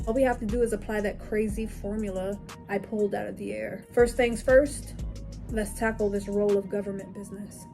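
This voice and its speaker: Mellow-voiced woman lecturing through rhetorical questions. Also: medium pitch. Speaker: political commentary vlogger. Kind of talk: explanatory commentary monologue.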